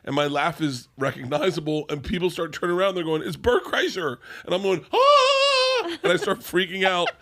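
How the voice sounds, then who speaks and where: A comedian guest on a podcast, telling rambling, excitable stories in casual chat. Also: male voice, a little high, fast, few pauses.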